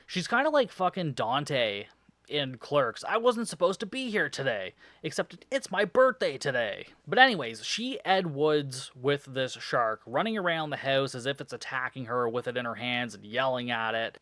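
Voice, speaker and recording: A man's voice: medium pitch, a bit bright, no room sound. A man hosting a podcast, casually recapping a film's plot with sarcasm, frequent swearing and rambling asides. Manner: sarcastic, rambling, swears often, laughs at the film. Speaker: podcast host reviewing a film.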